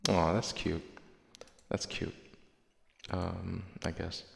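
A man's voice: low voice, flat delivery, takes it slowly, vocal fry, very noisy. A male podcast host in casual chat, reading listener replies aloud in a profane, sarcastic, rambling way. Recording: echoey room with long reverb.

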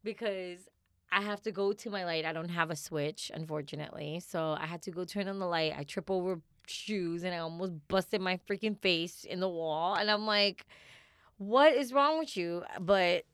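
A woman co-hosting a podcast, chatting casually and telling animated stories with plenty of swearing. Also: lowish voice, normal speed, smooth, no room sound, studio quality. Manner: animated storytelling, swears freely. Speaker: podcast co-host. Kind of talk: casual chat.

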